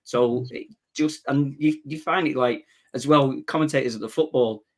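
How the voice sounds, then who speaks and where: A man chats on a fan podcast, blunt and animated, telling stories and laughing often. His voice sits mid-range. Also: mid-range voice, moderate pace. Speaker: podcast co-host. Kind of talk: casual podcast chat.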